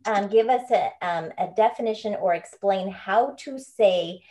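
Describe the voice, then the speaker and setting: A woman's voice: mid-range voice, a little slow, mellow. A woman leading a book club over a video call, chatty and bubbly, laughing often. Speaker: book club leader and home coach. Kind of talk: casual online group talk.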